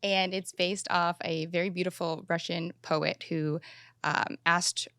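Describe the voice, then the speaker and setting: A woman hosts a podcast in a slightly low, bright, forward voice. She chats freely, laughs often and cuts in eagerly. The recording is dry and close. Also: level tone, a little slow, dry recording. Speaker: podcast host. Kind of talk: casual podcast chat.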